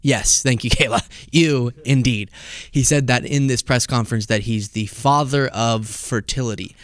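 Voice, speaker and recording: A man hosting a political commentary show, talking casually in an animated, sarcastic and jokey way. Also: medium pitch, moderate pace.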